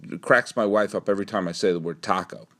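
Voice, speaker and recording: This fast-talking, middle-aged man hosts a sports podcast on his own in a New England accent. He rambles animatedly, dipping into low asides and then erupting into excited outbursts.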